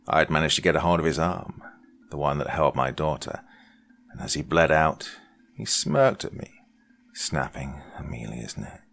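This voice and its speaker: A man narrating a scripted horror story with a dark, dramatic reading that drops to hushed lines. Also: extremely low pitch, animated, moderate pace, creaky.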